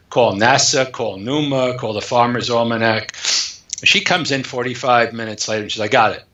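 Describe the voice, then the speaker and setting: A man, an author guest in an interview, telling a story in an animated way and acting out the dialogue. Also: mid-range voice. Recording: echoey, dull lo-fi sound.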